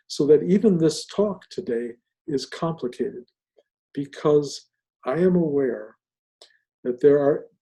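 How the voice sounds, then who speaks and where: An older man giving a reflective spiritual talk, speaking slowly with soft, drawn-out pauses. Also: mid-range voice, poor audio. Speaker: spiritual teacher.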